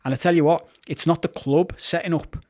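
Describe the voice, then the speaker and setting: A man with a fairly high voice co-hosts a casual football podcast. He talks with heated passion, swears freely and often restarts his sentences mid-thought. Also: fairly even intonation, a little fast, darkish tone. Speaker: podcast co-host.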